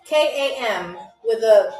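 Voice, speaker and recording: Young woman, live-stream game host, high voice, chatty and encouraging, roomy distant sound. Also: animated, takes it slowly, a little mellow, soft background music. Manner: encouraging, chatty, keeps checking in with "okay?" and "all right?". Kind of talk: live-stream hosting, reading viewer comments.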